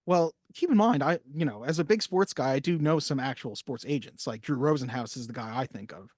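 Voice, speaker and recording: A man co-hosting a casual film podcast, talking through a movie and jumping into quoted lines with gusto. His pitch sits in the middle range. The sound is dry and close, with no room around it. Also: a little fast, no echo. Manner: animated, acts out movie lines. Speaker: podcast co-host.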